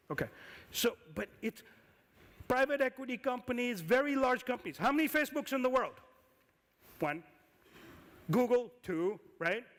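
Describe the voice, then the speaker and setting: High-voiced man questioning a conference crowd. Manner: lively, asks the audience many questions. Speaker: conference speaker, angel investor. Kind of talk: conference talk. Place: conference hall. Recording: reverberant hall.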